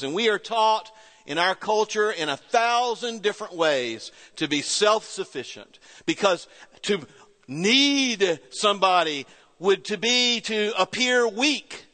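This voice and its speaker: A middle-aged man preaching a sermon, telling a story with pauses and soft quoted voices. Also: high voice. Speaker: pastor. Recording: reverberant church hall.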